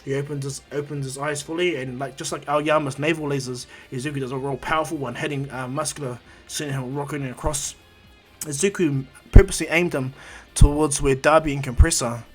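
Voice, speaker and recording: A man's voice: mid-range voice, steady tone, fairly quick. Male storyteller, rambling, filler-heavy, faint music bed. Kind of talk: casual fan-story retelling.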